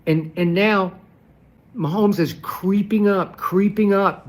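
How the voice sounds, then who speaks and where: A man in heated sports debate with a slightly high voice. He hammers rhetorical questions and drives his points home by repeating them. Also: takes it slowly. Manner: repeats key phrases for emphasis. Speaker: sports commentator.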